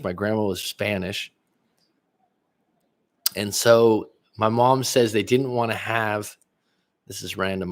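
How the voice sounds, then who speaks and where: A male coach talks off the cuff on a livestream, answering viewers' comments as they come. His voice sits on the low side, and he rambles, trips over words and starts again. He sounds like a relaxed middle-aged man speaking into a webcam. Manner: casual, rambling, many restarts, answers chat aloud. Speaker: relationship coach.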